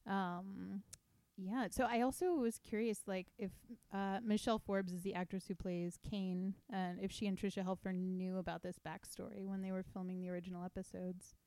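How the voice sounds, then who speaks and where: A woman's voice: mid-range voice, little pitch movement, normal speed, dark tone, dry recording. A woman in her thirties co-hosting a podcast, chatting casually and recapping an episode from her notes. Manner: laughing, conversational, recaps from notes. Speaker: podcast co-host. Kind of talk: casual chat.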